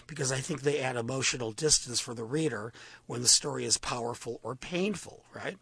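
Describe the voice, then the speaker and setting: A man's voice: medium pitch, brisk, gravelly, a bit bright, breathy edge, dry recording. A man hosting a casual talk show, chatty, often breaking off his own sentences. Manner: chatty and self-interrupting. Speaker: host.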